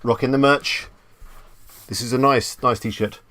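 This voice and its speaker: A man's voice: mid-range voice, steady tone, unhurried, a bit bright, dry recording. A man hosting a casual live stream, chatting loosely as he reads out viewer comments and answers them, with jokey, self-amused asides.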